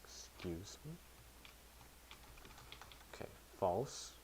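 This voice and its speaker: Speaking very slowly in a low, expressive voice, this man walks his chat through his code in relaxed live commentary. He thinks out loud and jokes at his own expense as a programmer streaming, with background noise audible.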